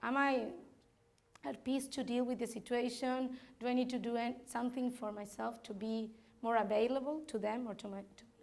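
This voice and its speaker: A woman's voice: fairly high pitch, fairly even intonation, moderate pace, vocal fry, a little mellow. A woman from Argentina, speaking candidly to parents in a workshop, laughing often and restarting her sentences. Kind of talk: informal talk to parents.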